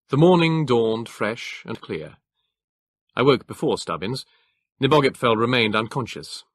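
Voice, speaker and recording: A man reading an audiobook in a measured, even storytelling manner. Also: on the low side, breathy edge, no echo, studio quality. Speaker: audiobook narrator. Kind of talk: scripted audiobook narration.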